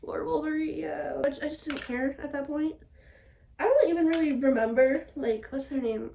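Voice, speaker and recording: A young woman vlogging casually at home while doing her hair, talking in an animated, exasperated way, swearing often and laughing. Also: sits high, moderate pace, gravelly, distant mic, slight background noise. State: still a bit sick.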